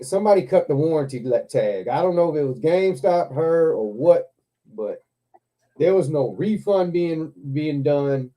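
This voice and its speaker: A man hosts a casual live chat and tells a story in an animated, laughing way, swearing as he goes. His voice is deep-toned and mellow, with no brightness to it. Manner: laughs often, swears freely, animated retelling. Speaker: live stream host.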